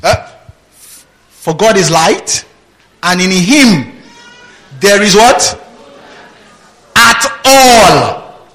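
Male preacher, Bible teaching, slow and unhurried, voice sits a little high, asks the flock to fill in the verses. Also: animated, fairly bright tone, rough recording. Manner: reads scripture aloud and prompts the congregation with "what?"; laughs often, mimics voices, rhetorical questions.

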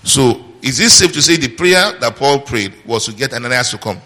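In a sermon recorded with long hall reverb, a man reads scripture and puts call-and-response questions to the congregation. His mid-range voice is animated, bright and forceful, moving at a moderate pace.

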